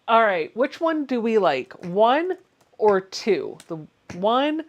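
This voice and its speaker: A woman's voice: fairly high pitch, very animated, takes it slowly, muffled recording. A woman hosting a casual sewing livestream, chatty and laughing often as she explains each step while she works. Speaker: quilting channel host.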